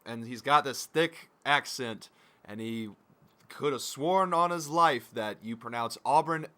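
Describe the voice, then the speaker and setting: A man's voice: medium pitch, a little slow, sharp tone. A man guesting on a joking sports commentary, offhand and wry as he banters and tells stories.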